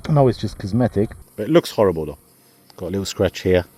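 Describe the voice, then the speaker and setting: A man chatting to camera as a travel vlogger, with a lively, exclamatory and sometimes frustrated manner, recording in and around a camper van. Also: lowish voice, fast, a little hiss or hum. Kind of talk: casual vlog to camera. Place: camper van and outdoors at a rock site.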